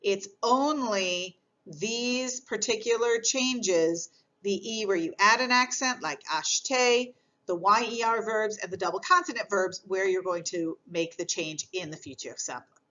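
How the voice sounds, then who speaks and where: A woman teaching a recorded grammar lesson, with a patient, explanatory manner that circles back to repeat key points. Her voice sits at a middle pitch, and the recording sounds a little dull and lo-fi. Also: a little slow, pushed and bright. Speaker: French teacher.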